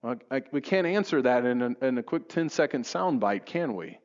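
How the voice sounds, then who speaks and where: A man preaching a sermon to his congregation, reading scripture with rising passion and then dropping low to reflect on it. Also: lively intonation, normal speed. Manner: impassioned, rises high reading scripture aloud. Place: church sanctuary. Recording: dull lo-fi recording in a reverberant hall. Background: long church reverb.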